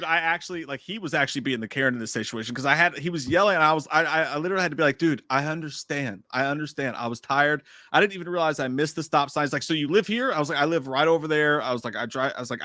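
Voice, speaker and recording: An animated man talks quickly, acts out the lines of people in his story and swears freely. His voice is bright and a little high. The sound is dry and close. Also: dry recording. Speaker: podcast co-host. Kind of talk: casual storytelling chat.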